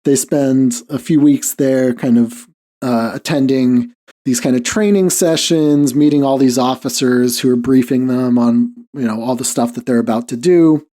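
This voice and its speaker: Mellow-voiced man rambling casually. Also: medium pitch, moderate pace. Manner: rambling, heavy on "like" fillers, chuckles often. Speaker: podcast host. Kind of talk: casual podcast chat.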